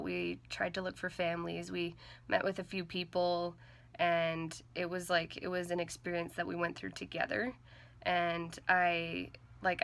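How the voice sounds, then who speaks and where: A young woman talking to her camera about her own life, earnest and halting, with lots of "like" and "um". Her voice sits fairly low and has a gravelly fry, especially at the ends of phrases. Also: a bit bright. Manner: earnest, halting, heavy with fillers like "like" and "um". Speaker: vlogger. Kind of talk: personal storytelling to camera.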